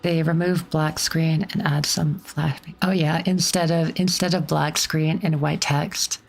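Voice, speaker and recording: A woman's voice: low-pitched, fairly even intonation, a little slow, gravelly. A woman streamer giving casual game commentary in a chatty, rambling manner full of likes and restarts.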